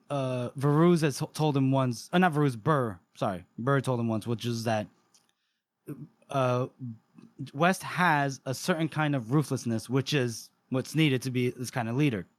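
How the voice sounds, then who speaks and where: A man's voice: medium pitch, no room sound, clean studio sound. A man co-hosting a podcast, casually recapping a book and acting out the characters' lines. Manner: animated retelling, acts out the characters' lines. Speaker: podcast co-host.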